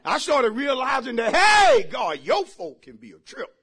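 High, bright-voiced preaching man. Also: wildly swooping pitch, unhurried, breathy edge. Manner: shouting preaching with sudden drops to quiet asides; joking and laughing with the congregation. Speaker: pastor. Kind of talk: sermon. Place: church.

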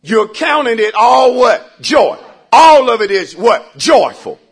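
A man preaching in church, calling out for the congregation to answer back. His voice sits very high and sounds husky, and it swings widely as he climbs into shouts. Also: sing-song, takes it slowly. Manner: preaching with rising shouts and repeated calls for response. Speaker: pastor. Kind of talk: call-and-response sermon.

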